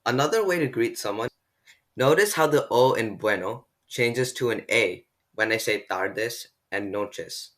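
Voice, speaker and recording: A man giving a beginner language lesson, explaining step by step and slowing down to model pronunciation. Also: medium pitch, animated, a bit bright. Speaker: language tutor.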